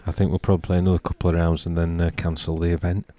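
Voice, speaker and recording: Deep, dark-toned man, laid-back. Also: flat delivery, very fast, a little hiss or hum. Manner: laid-back, rambling, dry humour. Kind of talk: casual commentary update.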